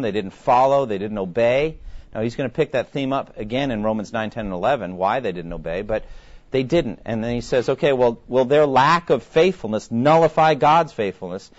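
A man preaching a sermon in an easy, conversational manner, often turning to his listeners with questions. His voice sits at an ordinary middle pitch. The recording sounds a little dull and muffled.

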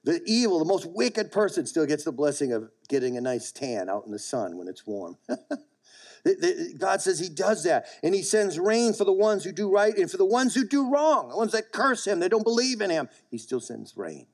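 A male pastor preaching a sermon to a congregation. He swings between raised, emphatic lines and quiet low asides, often calls out to the room for a response, and chuckles between points. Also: very animated, normal speed.

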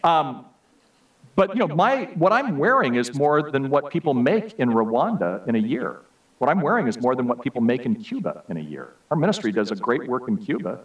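A man gives a sermon in a church, talking in a loose, conversational way with plenty of asides as he tells stories. His voice sits at an ordinary middle pitch, and the mic is set some distance away, so he sounds a little remote in the room. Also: sing-song, moderate pace. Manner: conversational storytelling with many asides. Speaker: guest preacher.

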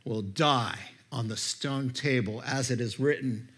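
A man's voice: medium pitch, a little slow, fairly bright tone, husky, voice pushed down. A man voicing a haughty wicked queen who mocks and demands her due, while retelling a story in a sermon. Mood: imperious. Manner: haughty, mocking, insistent.

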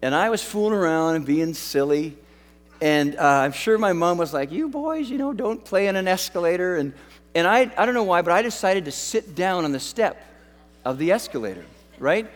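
A pastor from Western Canada with a high, light voice preaches in a loose, conversational way and pokes fun at himself as he tells a childhood story. His words ring out with a long reverb, as if in a large church hall. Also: lively intonation, moderate pace. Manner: conversational storytelling with self-deprecating humor. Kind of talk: sermon.

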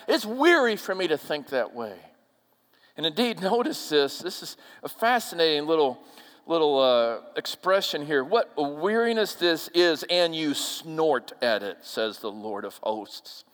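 Guy preaching a sermon, high voice, gets loud then drops real quiet, big echoey church. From upper Midwest of the US. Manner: animated, swings from loud emphasis to hushed asides. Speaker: pastor. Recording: long reverb of a church hall.

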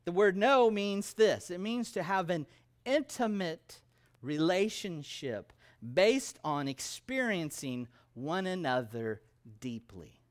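Emphatic higher-voiced male pastor preaching. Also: sing-song, slow. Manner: emphatic, conversational preaching with humor. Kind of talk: sermon.

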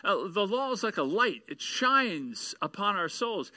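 A man's voice: sits high, sing-song, a little slow, hardly any pauses, bright, forceful tone, no echo, poor audio. A man preaching a sermon, reading scripture and building to taunting, emphatic peaks. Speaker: pastor.

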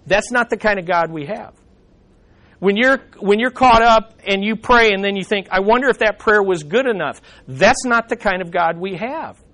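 High-voiced man preaching a sermon. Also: normal speed, fairly bright tone, low-quality recording. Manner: emphatic, conversational Bible teaching.

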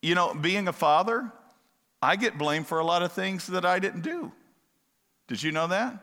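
A man delivers a sermon in a bright, fairly high voice. He keeps it conversational, firing questions at his listeners and drifting into asides. A long reverb from the hall hangs behind every word. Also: lively intonation, moderate pace. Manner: conversational, asks the congregation questions, digresses. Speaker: pastor.

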